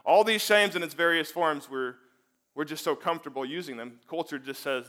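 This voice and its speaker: Bright-voiced man preaching a sermon. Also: a little high, normal speed. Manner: emphatic, rhetorical questions, drops to a hush then rises.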